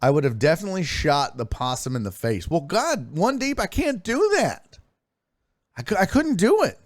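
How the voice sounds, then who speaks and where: Lively, animated man hosting a stream. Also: on the high side, normal speed, dry recording. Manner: animated, reads chat messages aloud and swears freely. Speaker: sports streaming show host. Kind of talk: casual live-stream chat and storytelling.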